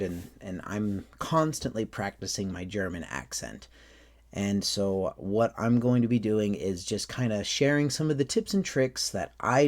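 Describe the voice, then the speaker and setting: Casting: man, lowish voice, easygoing tutorial presenter, loose and rambling. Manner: relaxed, rambling with restarts. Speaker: faire staff member teaching accents. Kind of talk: casual tutorial talk.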